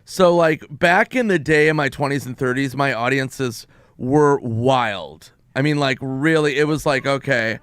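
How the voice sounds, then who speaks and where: A stand-up comedian in his forties, a guest on a radio show, telling stories with quick back-and-forth dialogue. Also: mid-range voice, a bit bright, clear, resonant tone, no room sound, clean studio sound. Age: 40s. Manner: storytelling, acting out both sides of conversations. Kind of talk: casual radio chat. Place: radio studio.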